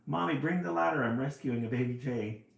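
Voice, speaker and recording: A man's voice: mid-range voice, a little fast, creaky, reverberant, pitched above the performer's own voice, lightly acted, rough recording. A man voicing a brave, determined little girl in a storybook, earnest in manner.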